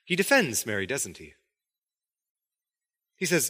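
A man's voice: on the high side, moderate pace. A man preaching a sermon in a conversational way, acting out quotes from the story as he goes. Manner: conversational, animated, acts out quotes. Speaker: pastor.

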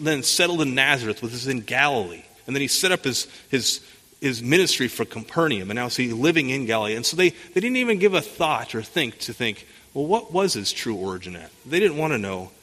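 A man delivers a verse-by-verse sermon in a bright, forward voice. He poses rhetorical questions and often repeats words as he restarts. His voice carries a long reverb, as if recorded in a large sanctuary. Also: medium pitch. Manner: expository preaching with rhetorical questions. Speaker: pastor.

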